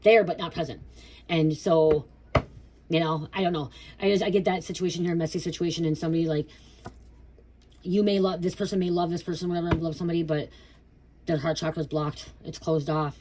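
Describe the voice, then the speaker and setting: A woman's voice: low voice, fairly even intonation, brisk, background noise. A woman in her thirties giving a casual spiritual reading, blunt and profane, who keeps checking in with "okay?". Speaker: tarot reader.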